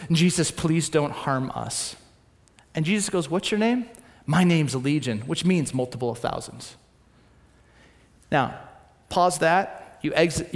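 A young adult man preaching a sermon in a church hall, telling the story with swings between loud and hushed delivery. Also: high voice. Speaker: pastor. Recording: long hall reverb.

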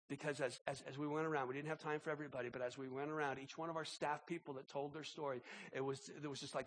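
A man preaching a sermon as pastor, impassioned and halting, often repeating words as he builds. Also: a little high, a bit bright.

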